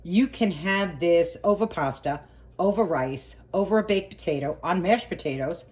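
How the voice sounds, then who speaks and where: A woman's voice: fairly low pitch, lively intonation, moderate pace, a little mellow. A woman hosting a casual cooking vlog, homey and talkative, repeating herself and humming as she tastes. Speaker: cooking vlogger.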